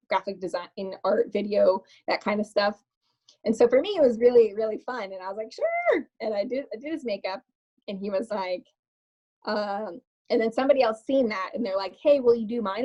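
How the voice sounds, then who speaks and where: A woman talks as a podcast guest in a loose, chatty storytelling manner, breaking into quick laughs and leaning on filler words. Her voice sits at an ordinary middle pitch. The recording is muffled and lo-fi. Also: dark tone. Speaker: podcast guest, makeup artist. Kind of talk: casual storytelling interview.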